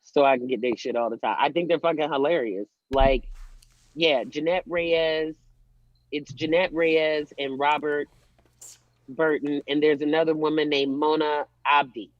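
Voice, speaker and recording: Male podcast host, casual and emphatic, somewhat high voice, dull lo-fi recording. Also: a little slow, no room sound. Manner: animated, swearing, repeats himself for emphasis. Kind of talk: casual chat. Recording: dry muffled lo-fi audio.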